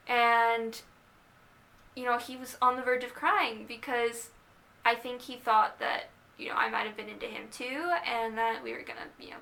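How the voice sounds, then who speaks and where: A young woman casually telling the story of how she started dating, chatty and animated, quoting herself and others as she goes. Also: on the high side. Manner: chatty, animated retelling with quoted asides. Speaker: vlogger.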